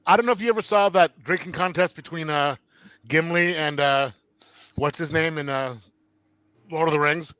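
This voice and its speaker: A man in loose livestream banter, his voice bright and a touch high, recorded close and dry with no room sound. He rambles, leans on fillers and ribs the others. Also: moderate pace, clear, resonant tone, no room sound, rough recording. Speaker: co-host on a comics livestream. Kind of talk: casual livestream chat.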